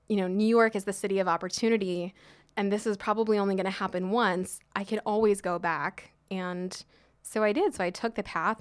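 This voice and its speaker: A woman in her thirties, a sommelier guest on an interview show, telling her story in a chatty, animated way full of fillers. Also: fairly low pitch, clear, resonant tone. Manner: chatty, animated, many "like" fillers, laughs often.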